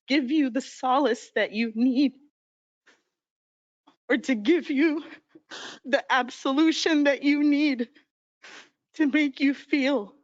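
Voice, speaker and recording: Woman, 30s, commissioner addressing a grieving family; halting, near tears, higher pitch, lo-fi chamber mic. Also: no room sound. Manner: halting, emotional, many pauses and fillers. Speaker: city commissioner. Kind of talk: emotional public statement. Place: council chamber. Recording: dull lo-fi meeting audio.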